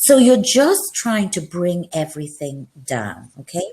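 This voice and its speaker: Expressive older woman coaching on a call. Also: lowish voice, normal speed. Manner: expressive, instructive, demonstrates with her voice. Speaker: speech and drama teacher. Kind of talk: one-on-one online coaching. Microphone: video call.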